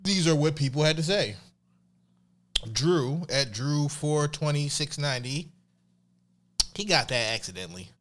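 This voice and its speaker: A man's voice: fairly high pitch, animated, measured pace, pauses often, a bit bright. A man hosting a casual podcast, reading out a silly story and tweets, laughing often and repeating "you know what I'm saying". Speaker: podcast host.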